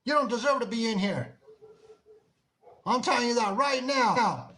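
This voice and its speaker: High-pitched scolding livestream host. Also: male voice, lively intonation, measured pace, bright, forceful tone. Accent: Mexican-American. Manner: scolding, insistent, repeats himself. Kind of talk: confrontational livestream talk.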